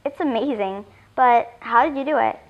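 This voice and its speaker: A woman voicing a spirited, bossy little girl who talks excitedly. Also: a little high, normal speed, muffled recording, natural voice. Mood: lively. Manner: excited, snappy.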